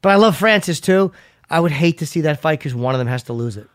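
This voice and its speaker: A man's voice: on the high side, lively intonation, fast, no echo, clean studio sound. A man hosting a podcast, telling rambling self-mocking stories in casual chat and swearing freely. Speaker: podcast host.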